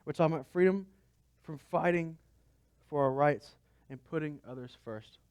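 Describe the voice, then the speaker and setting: A man's voice: fairly high pitch, moderate pace, darkish tone, clean tone, dry recording. A man pastor preaching a conversational sermon, asking his listeners rhetorical questions.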